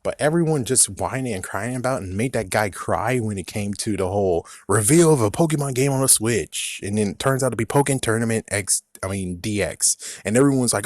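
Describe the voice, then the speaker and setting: A young man with a lowish voice rants in a casual vlog, exasperated and jumping between loud outbursts and mumbled asides. The sound is dry and close, with no room echo. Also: animated, a little fast. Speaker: video creator.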